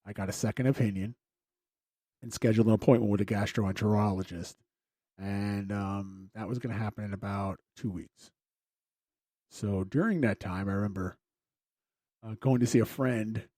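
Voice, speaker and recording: A man's voice: fairly low pitch, fairly even intonation, moderate pace, pauses often, warm tone, no echo. A man hosting a podcast, telling a personal story in a casual, rambling way with wry, self-deprecating humor. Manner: rambling, with frequent fillers and restarts. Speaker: podcast host.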